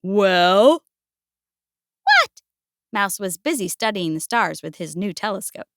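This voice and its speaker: A woman gently and expressively reading a picture book aloud. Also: medium pitch, normal speed, creaky, dry recording, studio quality. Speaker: storyteller.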